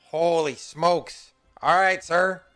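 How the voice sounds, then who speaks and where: A man voicing a brisk, friendly innkeeper in a tabletop game. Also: on the high side, fairly even intonation, a bit bright, clear, resonant tone, soft background music, pitched above the performer's own voice.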